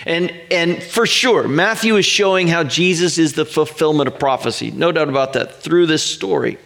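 A middle-aged man pastor preaching a sermon, earnest and emphatic, stretching out pauses to land his points. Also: fairly high pitch, lively intonation, fairly bright tone.

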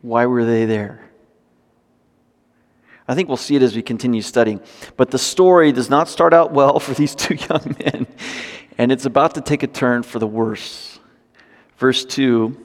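A man preaching a sermon, reading scripture and breaking into animated, joking asides. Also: medium pitch, measured pace, long pauses. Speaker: pastor. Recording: long hall reverb.

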